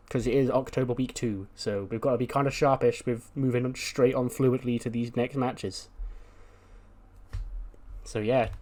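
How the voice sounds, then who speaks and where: A man talks through his wrestling game run in a loose, rambling way, full of fillers. His voice sits at an ordinary mid pitch for a man. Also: darkish tone. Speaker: game commentator. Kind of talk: casual let's-play narration.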